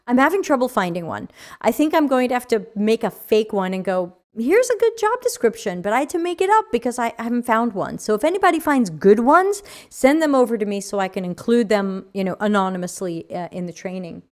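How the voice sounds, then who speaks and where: A woman's voice: mid-range voice, expressive, brisk. A woman with a New York accent hosting a livestream, chatting casually and reading viewer comments aloud with frequent fillers. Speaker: podcast host.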